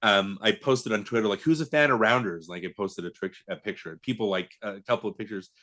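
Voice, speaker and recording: A man's voice: fairly low pitch, fast talker, pushed and bright. A man co-hosting a podcast, chatting casually about a film with many fillers, restarts and laughs. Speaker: podcast co-host. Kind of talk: casual movie chat.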